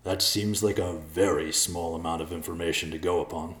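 A man puts on a gruff elder bear for a storybook reading, growling his words slowly and loudly. The voice sits very deep, and the room around it rings with echo. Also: steady tone. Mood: stern. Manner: growling, slow and loud when angry. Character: gruff elder male bear, short-tempered.

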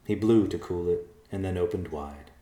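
A man narrating an audiobook in a measured, deliberate way. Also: low-pitched, warm tone. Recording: echoey room.

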